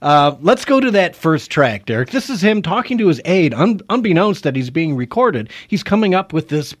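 A talk radio host giving commentary, a man with a high voice. He talks in an animated way with plenty of fillers and frequent laughter. His pitch swings widely from line to line. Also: normal speed.

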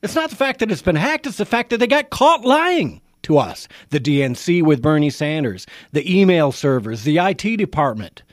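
A man hosting talk radio, voice pitched a little high and swinging widely as he grows indignant. He fires off rhetorical questions and often restarts mid-sentence. The studio sound is dry and close. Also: very animated, normal speed, hardly any pauses, dry recording. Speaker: radio talk show host. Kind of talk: political talk radio commentary.

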